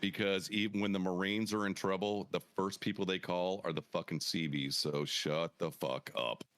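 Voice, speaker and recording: A man's voice: sits low, steady tone, moderate pace, a bit bright, dry recording. A man hosting a veterans podcast, talking casually and brashly with lots of profanity and trash talk. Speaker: podcast host.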